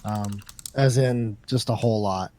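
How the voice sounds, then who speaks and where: A man's voice: lowish voice, unhurried, a little mellow. A man on the stream crew who answers the host with short, matter-of-fact replies. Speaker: crew member running the stream. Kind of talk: casual off-camera chat.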